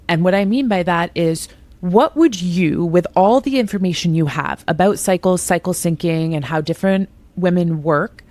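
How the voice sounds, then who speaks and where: A woman in her thirties hosts a podcast conversation with a notably low pitch, chatting eagerly and poking fun at herself. Her voice sits close and dry with almost no room sound. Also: normal speed, darkish tone, no echo. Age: 30s. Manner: enthusiastic, chatty, self-deprecating with frequent laughs. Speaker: podcast host. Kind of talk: conversational interview.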